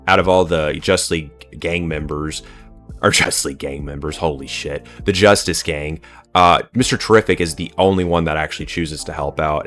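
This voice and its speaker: A man with a very low, deep voice delivers a scornful film review, swearing freely and cutting down what he dislikes. Soft music plays faintly behind him. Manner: blunt, profane and scornful. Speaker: movie reviewer.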